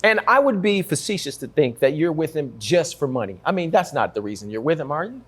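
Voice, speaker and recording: Male talk show host from Africa, joking and high-energy, with a lively, bouncing pitch. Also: brisk, slightly rough.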